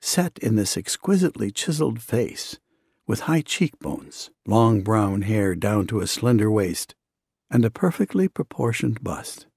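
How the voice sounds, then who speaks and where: A man reads a devotional book aloud in the first person, in a measured, earnest way. His voice sits low and a little husky. The sound is dry and close, with no room around it. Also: sing-song, darkish tone, no room sound. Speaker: audiobook narrator.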